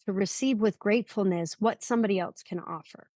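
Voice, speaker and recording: A woman on a podcast talks earnestly and conversationally about her own life. Her voice sits at a middle pitch in a dry, close recording. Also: fairly quick, warm tone, dry recording. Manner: earnest, gives examples. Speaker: podcast co-host. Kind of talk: casual conversation.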